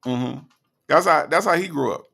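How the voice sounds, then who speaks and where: Man, gravelly voice, sarcastic reaction commentary, slow mocking delivery. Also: on the high side, sharp tone. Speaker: commentary host.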